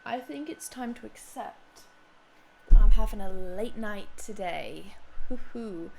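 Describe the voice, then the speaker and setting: A woman streamer giving casual gameplay commentary, excitable and foul-mouthed, yelling at enemies on screen. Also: mid-range voice, slow, vocal fry, very noisy. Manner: excitable, swears a lot, yells at enemies. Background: game music.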